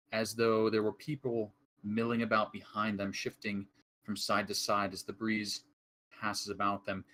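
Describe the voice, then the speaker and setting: A man narrating a tabletop horror campaign as game master, describing scenes with frequent pauses and fillers. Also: on the low side, fairly bright tone.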